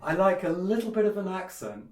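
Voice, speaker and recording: A man's voice: sits high, very animated, a little fast. Opinionated male piano teacher, echoey room. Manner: opinionated, hesitant with many fillers and restarts. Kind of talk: casual spoken piano tutorial.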